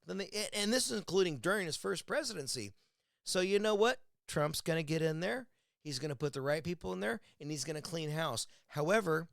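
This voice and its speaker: A man's voice: fairly high pitch, vocal fry, no echo, studio quality. Angry swearing American man ranting. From United States. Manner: angry, blunt, swears constantly. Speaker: vlogger. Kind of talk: profane political rant. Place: indoors at home, drinking a beer.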